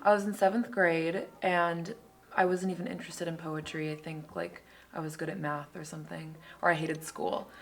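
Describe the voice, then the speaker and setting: A young woman with a fairly low voice, talking as an interview guest. She tells her stories in a casual, animated way, with lots of filler words. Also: normal speed, creaky. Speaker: guest poet.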